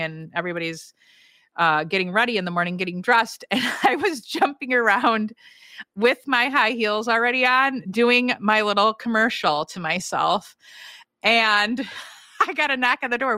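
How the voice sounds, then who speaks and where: A woman's voice: mid-range voice, normal speed, pushed and bright, dry recording, studio quality. A woman hosting a podcast, giving enthusiastic self-help advice, laughing often and acting out quoted lines. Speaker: podcast host. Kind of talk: upbeat coaching talk.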